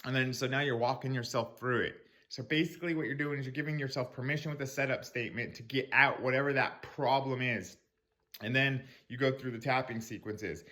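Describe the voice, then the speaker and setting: A man's voice: mid-range voice, steady tone, fairly quick, sharp tone. A man coaching a tapping technique in loose, rambling talk, swearing casually and acting out angry self-talk in a raised voice. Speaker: spiritual mindset coach.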